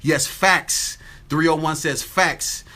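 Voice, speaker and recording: On the high side and slow-paced, this Atlanta man's voice sounds pushed and bright, with fairly even intonation. He hosts a casual phone livestream from his home with the windows open, greeting viewers by name and repeating catchphrases.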